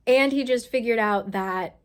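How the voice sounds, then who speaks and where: A woman chatting casually and bluntly as she reviews a book she is reading, with excitable outbursts and free swearing. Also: mid-range voice.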